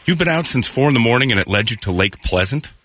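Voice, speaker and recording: A man's voice: medium pitch, animated, fast, fairly bright tone, no echo. A man hosting a casual morning radio show, congested from allergies, loose and jokey in a studio.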